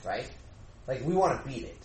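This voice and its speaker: A man leading a youth group discussion in an animated way, often asking rhetorical questions and acting out exchanges. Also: mid-range voice, normal speed. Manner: animated, asks rhetorical questions, acts out dialogue. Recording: echoey room, faint background noise.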